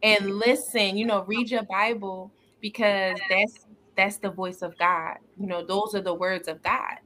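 A woman's voice: medium pitch, fairly even intonation, measured pace, bright, forceful tone, slight background noise. A woman co-hosting a faith podcast in casual chat, earnest and upbeat, laughing often. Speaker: podcast co-host.

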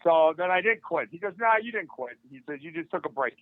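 A man's voice: fairly high pitch, quick pace, no room sound. An older man, a martial arts instructor, telling a story as a podcast guest and acting out the dialogue of the people in it. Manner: animated, acts out quoted dialogue. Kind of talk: casual storytelling. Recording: tinny phone-like line, dry.

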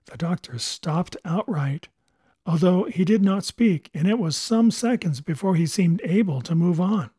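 A man giving measured, expressive first-person narration of an adventure book. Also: high voice, slightly rough, no room sound, studio quality. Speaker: audiobook narrator.

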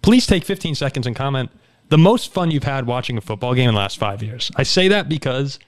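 Brief: male podcast host, mid-pitched, upbeat and chatty, runs the show. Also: animated, fairly quick. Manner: upbeat, steers the show and asks for likes and comments. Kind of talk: casual sports talk.

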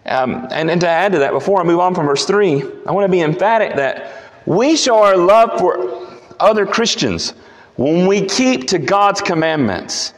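A man's voice: sits high, lively intonation, moderate pace. A male pastor preaching a sermon, emphatic and building to repeated declarations. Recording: long hall reverb.

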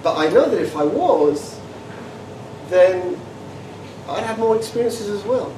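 Man with a high voice, animated and stammering speaker telling funny stories to students, recorded from afar in a reverberant room with noise behind. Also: unhurried. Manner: animated, stammering repetitions, laughs often. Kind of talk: informal talk with humorous anecdotes. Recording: echoey room, distant mic, background noise.

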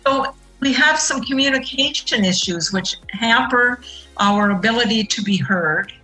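A middle-aged woman with a bright, forceful voice explains her points earnestly in an interview and leans hard on the key words. Faint music plays quietly underneath. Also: a little high, measured pace, poor audio. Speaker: guest. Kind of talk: interview answer.

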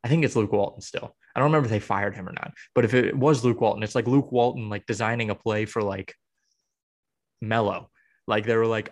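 A young man speaks briskly in a medium-pitched, fairly even voice as he co-hosts a podcast. His casual talk is an exasperated, rambling vent full of false starts.

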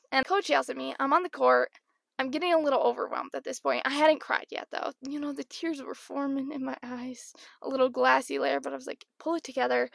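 Chatty high-pitched young woman, gravelly edge. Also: fairly bright tone, no room sound. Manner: chatty, self-deprecating, lots of "like". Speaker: podcast host. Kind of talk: casual storytelling.

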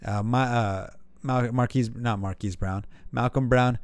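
A man in casual fantasy football chat, animated and jokey, often restarting his sentences. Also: medium pitch, measured pace, clean tone, no echo. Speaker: podcast co-host.

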